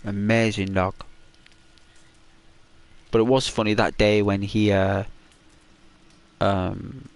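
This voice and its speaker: A man's voice: lowish voice, level tone, takes it slowly, vocal fry, pauses often, clean tone. A man hosting a gaming channel, telling a story in a chatty, rambling way with lots of fillers and restarts, in a semi-ASMR narration over gameplay.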